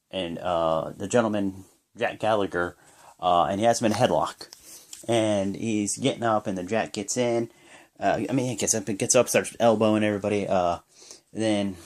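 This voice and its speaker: A young man giving a casual, rambling play-by-play recap of a wrestling show, jumping into high yells when he acts out the wrestlers' lines. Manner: rambling with many fillers.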